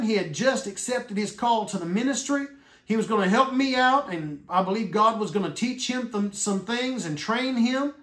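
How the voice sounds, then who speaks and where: High-voiced emphatic man preaching. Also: fairly bright tone, reverberant. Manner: emphatic, drawing out key words slowly. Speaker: minister. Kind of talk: sermon.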